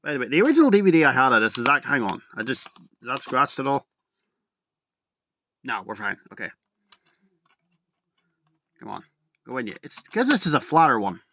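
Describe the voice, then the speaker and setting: A young man talking casually to camera as a video reviewer, rambling and excitable, full of "like" and "literally". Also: mid-range voice, a little fast, long pauses.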